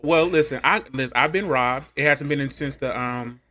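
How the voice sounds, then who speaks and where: A man co-hosting a casual podcast, telling comic stories in an animated way and laughing often. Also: mid-range voice, moderate pace, slight background noise. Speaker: podcast co-host. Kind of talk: casual chat, comic storytelling.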